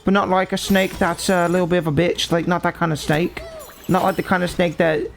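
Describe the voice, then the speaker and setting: A man's voice: sits high, little pitch movement, a little fast, creaky. A man chatting casually while streaming a video game. He rambles, mocks himself and swears offhand. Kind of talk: casual gaming stream chat.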